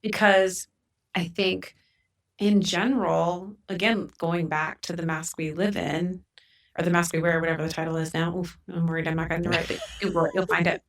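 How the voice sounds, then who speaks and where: Woman, 40s, podcast guest; candid, reflective delivery, slightly low, gravelly voice. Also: little pitch movement, normal speed. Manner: candid, reflective, thinks aloud with fillers. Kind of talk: conversational podcast interview.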